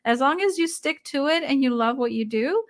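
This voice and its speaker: Female podcast host, high and encouraging, casual interviewer. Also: expressive, normal speed. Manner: encouraging, wraps up with a question.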